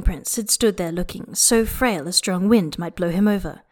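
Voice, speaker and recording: A woman reading a story aloud as narrator, expressive and unhurried with lingering pauses. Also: on the low side. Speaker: audiobook reader. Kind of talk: scripted narration of fan fiction.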